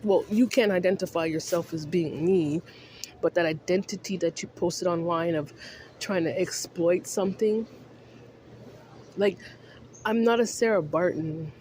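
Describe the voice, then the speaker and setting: Mellow Canadian woman with Jamaican lilt. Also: lowish voice, measured pace, pauses often, a little hiss or hum. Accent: Canadian English with Jamaican undertones. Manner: rambling, repeats "I'm just saying", many fillers; snacking on chips while talking. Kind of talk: casual rant to camera.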